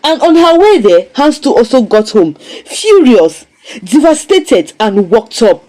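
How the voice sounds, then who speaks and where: A woman recapping and critiquing a drama series in a casual, storytelling way. Her voice is fairly high but dark and mellow, with very lively rises and falls in pitch. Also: measured pace, poor audio. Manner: animated, expressive storytelling. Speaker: series reviewer.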